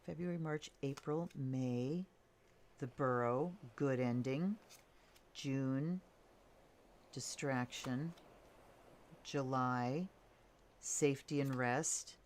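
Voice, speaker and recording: A woman reads tarot cards in a relaxed, unhurried voice. Her voice sits low, and she pauses often with fillers as she thinks aloud. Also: slight background noise. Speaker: tarot reader. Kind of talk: casual tarot reading to camera.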